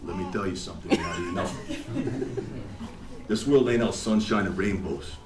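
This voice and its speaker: A man quoting a tough aging boxer's gruff pep talk in an echoey hall. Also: on the low side, normal speed, background noise, voice pushed down, close to an everyday voice. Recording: echoey hall, faint ambience.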